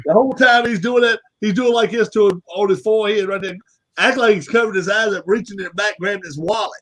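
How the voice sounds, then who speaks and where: A man with a notably high voice, chatting casually. He retells a comedy routine and voices the characters along the way. He laughs easily. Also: fast talker, a bit bright, rough recording.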